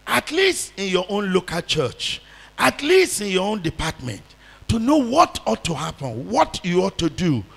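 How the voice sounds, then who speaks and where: A man's voice: high-pitched, vocal fry, sharp tone, breathy edge, big-room sound. A man preaching a fervent sermon as pastor and leading the congregation in repeated prayer lines.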